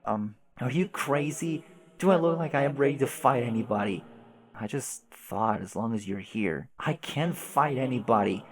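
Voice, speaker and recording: A man doing a lonely young girl lost in grief, pleading, scared and tearful, voice shaky and upset, read aloud from a comic in a mid-pitched tone. She keeps begging to go back, worn down and fragile. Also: expressive, normal speed, big-room sound, natural voice. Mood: grieving.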